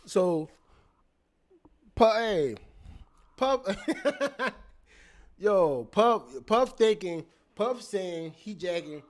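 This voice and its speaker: A man giving casual, profane commentary, animated and laughing, repeating phrases as he reacts. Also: high-pitched, extremely slow, pauses often. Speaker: commentator reacting to court testimony.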